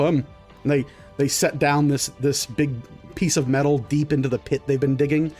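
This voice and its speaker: A man's voice: mid-range voice, steady tone, moderate pace, a little mellow, soft background music. A man narrating as game master of a tabletop game, rambling with many fillers.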